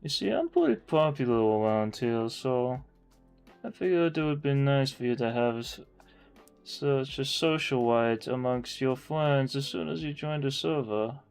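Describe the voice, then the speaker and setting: A man voicing a smarmy, self-important male online chat moderator who flatters and boasts in an oily way. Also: mid-range voice, measured pace, gravelly, smooth, faint music behind.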